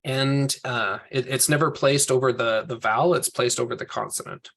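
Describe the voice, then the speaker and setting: A man's voice: medium pitch, fairly even intonation, normal speed, fairly bright tone. Man teaching a class over video call. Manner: patient, explanatory. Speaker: Hebrew teacher. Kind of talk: online class lecture.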